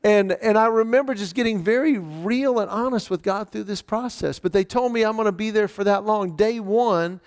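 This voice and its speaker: A man delivering a sermon in a raised, gravelly voice, full of vocal fry. He tells his own story earnestly, lightens it with dry humor, and often trips over his first words before pushing on. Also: high-pitched, moderate pace, hardly any pauses. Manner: frequent stammered restarts. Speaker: pastor.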